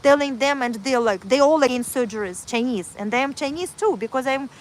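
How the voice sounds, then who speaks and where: A woman's voice: sits high, lively intonation, a little fast, slight background noise, low-quality recording. A woman telling a personal story on a livestream in earnest, repetitive, broken English, speaking into a phone. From Kazakhstan.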